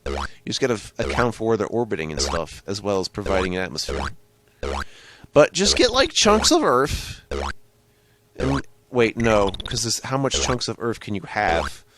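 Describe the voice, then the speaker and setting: Rambling low-voiced male gamer. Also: very animated, moderate pace, background noise. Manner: rambling, joking, swearing tangents. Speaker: gaming channel host. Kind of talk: let's play commentary.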